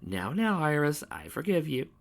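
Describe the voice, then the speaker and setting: A man voicing a sadistic male villain spirit who gloats and mocks in a deep voice. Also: very animated, normal speed. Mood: silky. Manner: gloating, mocking.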